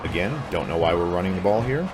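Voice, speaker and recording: Low-voiced frustrated gamer doing play-by-play. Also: male voice, expressive, fast talker. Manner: frustrated, swears a lot, sarcastic, prone to angry outbursts. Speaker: gamer commentating his own play. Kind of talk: casual play-by-play commentary of a video game. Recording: game music clearly heard behind voice.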